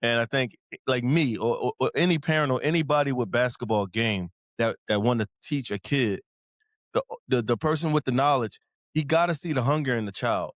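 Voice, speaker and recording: A man's voice: medium pitch, fairly quick, no room sound, studio quality. A man hosting a casual podcast chat, rambling and repeating words as he talks. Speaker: podcast host.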